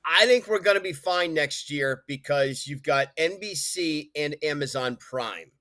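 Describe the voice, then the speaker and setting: A man on a podcast panel, speaking in a measured, deliberate way in casual chat. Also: on the high side, sharp tone, no room sound, studio quality.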